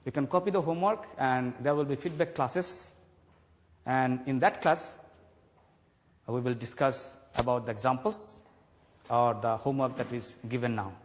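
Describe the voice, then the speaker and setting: Man, TV grammar teacher, slow deliberate stress on words, long echo. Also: mid-range voice, slight background noise. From Bangladesh. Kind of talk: televised English grammar lesson.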